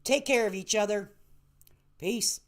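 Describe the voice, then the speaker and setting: A woman's voice: medium pitch, measured pace. Woman, late 30s, livestream host; loose, affectionate chatter with frequent laughs. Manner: chatty, laughs often, calls viewers honey and baby. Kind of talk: casual livestream chat.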